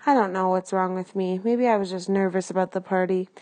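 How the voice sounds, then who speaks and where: A woman's voice: medium pitch, fairly even intonation, fairly quick, warm tone, natural voice. Remorseful teen girl friend, earnest and sorry, read by a woman in her normal voice. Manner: earnest, apologetic. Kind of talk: audiobook character reading.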